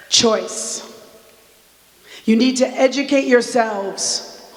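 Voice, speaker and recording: A woman's voice: sits high, some chatter behind, slight background noise. A woman activist giving an impassioned rally speech with call-and-response chants, stretching out key words for emphasis. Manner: fervent, chanting, drawn-out emphatic phrases. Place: large church sanctuary with an audience. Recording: echoey church hall with long reverb.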